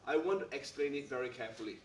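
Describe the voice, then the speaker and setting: A man's voice: medium pitch, rapid-fire, slight background noise. A man teaching a maths class, speaking emphatically and checking in with "all right?" again and again. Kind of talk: classroom lecture. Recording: echoey room, mic far off.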